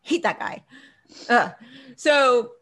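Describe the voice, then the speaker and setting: This woman's voice is a little high, and she takes her time. As a podcast co-host she gives a casual TV episode recap, animatedly acting out lines, laughing, and cursing freely.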